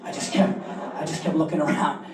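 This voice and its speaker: A man's voice: fairly high pitch, little pitch movement, fairly quick, echoey room, recorded from a distance, noisy background. A man doing a stand-up comedy set, telling stories in a conversational way with self-mocking asides.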